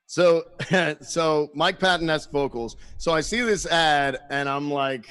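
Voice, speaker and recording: A man telling a story in casual chat as a guest musician, animated, swearing freely and laughing often. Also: a little high, measured pace, clean tone, dry recording.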